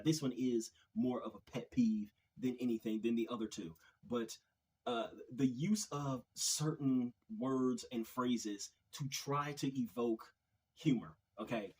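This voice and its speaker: Male video host, husky mid-range voice, halting and repetitive, exasperated sighs between thoughts. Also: mid-range voice, darkish tone, poor audio. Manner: hesitant, repeats words, frequent sighs. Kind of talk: opinion commentary monologue.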